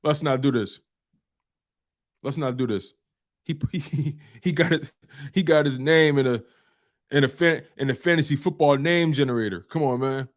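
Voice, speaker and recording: A man's voice: mid-range voice, normal speed, long pauses. A man hosting a live-streamed football show, talking in an emphatic, repetitive trash-talk style full of slang. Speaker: sports show host.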